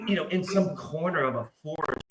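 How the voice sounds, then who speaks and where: A man with a slightly high voice speaks briskly against background noise, spinning profane, meandering tales in casual conversation. He's animated and imitates the voices he quotes, heard through a remote stream call mic in an echoey room.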